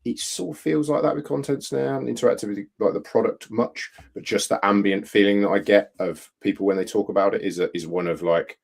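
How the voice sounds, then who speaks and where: A man's voice: fairly low pitch, a little fast, vocal fry, hardly any pauses. A man co-hosting a podcast, musing in a rambling way full of fillers and "like". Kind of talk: casual video-call chat.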